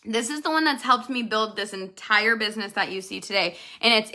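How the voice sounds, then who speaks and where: A woman's voice: mid-range voice, fairly quick, pushed and bright. A woman giving an earnest, direct motivational talk to her network marketing team, speaking straight to her viewers. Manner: earnest, direct, addresses viewers as "you guys". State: emotional, near tears at times.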